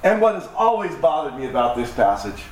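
A man's voice: mid-range voice, sing-song, fairly quick, recorded from a distance. A man preaching a conversational sermon as pastor, joking about himself and acting out voices. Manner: conversational, self-deprecating, acts out voices. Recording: echoey hall, mic from afar, faint noise.

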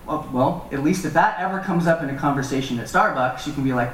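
A man's voice: a little high, fast talker, fairly bright tone, a little hiss or hum. Guy doing a chill bible study, jokey asides, mic kinda far off, roomy echo. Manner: conversational, joking asides. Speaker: Bible teacher. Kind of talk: casual Bible teaching. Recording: echoey room from far off.

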